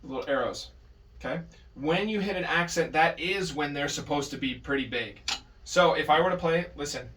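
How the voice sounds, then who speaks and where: Firm drum teacher, slightly high voice. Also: male voice, normal speed, fairly bright tone. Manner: patient, firm, counts out beats. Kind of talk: private drum lesson. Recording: distant mic with drums in the room.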